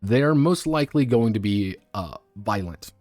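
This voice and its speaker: A man's voice: lowish voice, animated, a little slow, a little mellow, dry recording, soft background music. A man streaming casual commentary on tabletop games, rambling with frequent stumbles, restarts and offhand swearing.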